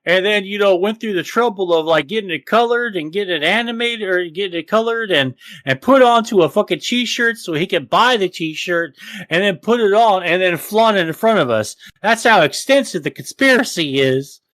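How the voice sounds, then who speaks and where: A man's voice: sits high, expressive, moderate pace, fairly bright tone, no echo. A man co-hosting a casual podcast, swearing heavily and ranting. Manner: profane, ranting, mocks others in exaggerated voices. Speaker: podcast co-host.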